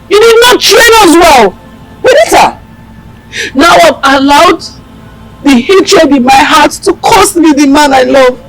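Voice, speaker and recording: A woman's voice: extremely high pitch, rough recording. A woman playing a bitter grown daughter who accuses her mother through tears. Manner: accusing, tearful. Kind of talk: Nollywood film acting.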